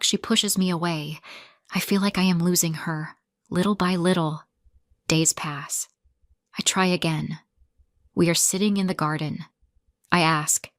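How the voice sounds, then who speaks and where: A woman narrating a first-person story in slow, simple sentences for English learners, with a sorrowful telling. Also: lowish voice, steady tone, dry recording, studio quality.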